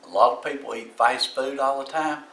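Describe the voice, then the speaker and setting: A man's voice: medium pitch, fairly even intonation, normal speed, bright, forceful tone, roomy sound, recorded from a distance, rough recording. A man with a Southern US accent giving plain, folksy advice as a video host, recorded in his home kitchen. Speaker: YouTube host. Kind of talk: casual how-to talk.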